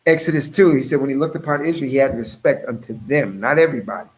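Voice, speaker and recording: A man preaching, reading scripture aloud and commenting on it, talking straight to his listeners and slowing down to stress key phrases. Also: mid-range voice, poor audio.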